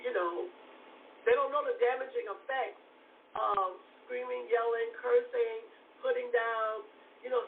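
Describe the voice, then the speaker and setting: High-voiced woman host, emphatic, phone-like. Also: steady tone, unhurried. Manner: emphatic and repetitive, often asks "you know what I'm saying". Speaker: host and therapist. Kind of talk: conversational talk show discussion. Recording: phone-like audio from far off with faint noise.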